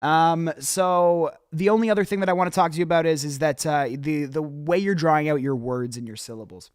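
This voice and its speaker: A man's voice: on the high side, fairly quick, clean tone, no echo, clean studio sound. A young man hosting a rap feedback show, giving candid casual critique with frequent swearing and many ums and restarts.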